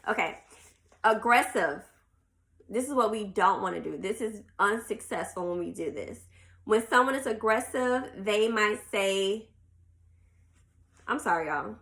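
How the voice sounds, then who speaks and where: A woman's voice: mid-range voice, creaky, a bit bright. A woman hosts a podcast in a casual chat, reading passages from a self-help book aloud and talking to listeners as y'all. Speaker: podcast host.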